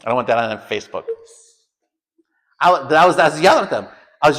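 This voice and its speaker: An American man teaching a home school lesson, telling a personal story and acting out shouted quotes. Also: a little high, expressive, brisk. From United States.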